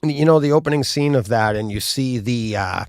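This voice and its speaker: A man hosting a casual live talk about home theater, telling stories animatedly and acting out gunshot booms. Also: normal speed, no echo, clean studio sound. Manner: animated, acts out gunshot sounds. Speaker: host. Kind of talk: casual chat.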